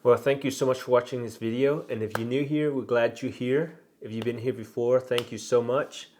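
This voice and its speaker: A man hosting a family vlog as the father, talking gently and coaxing his toddler to count. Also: medium pitch, fairly even intonation, normal speed, a little hiss or hum. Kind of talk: casual family vlog talk.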